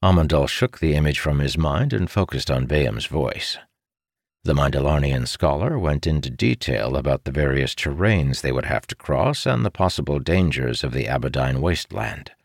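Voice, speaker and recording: A man narrating a fantasy audiobook in a steady, expressive way. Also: extremely low pitch, normal speed, creaky, no room sound, studio quality.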